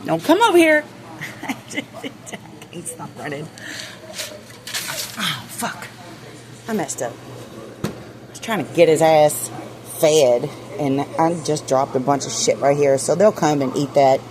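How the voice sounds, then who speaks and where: A woman's voice: low-pitched, a little slow, long pauses, background noise. A woman vlogging casually in her backyard, nervous and swearing as she talks to her chickens. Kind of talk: casual chat. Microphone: handheld phone camera.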